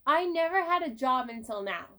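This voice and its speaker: A young woman vlogger telling personal stories in a casual, animated way, swearing now and then. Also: high voice, normal speed. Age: young adult. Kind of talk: casual storytelling vlog.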